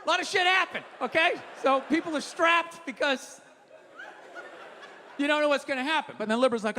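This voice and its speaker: A man's voice: extremely high pitch, fairly quick, pauses often, sharp tone, in a large hall. A man doing a stand-up comedy set, telling profane stories in a brash, ranting way. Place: comedy stage before an audience.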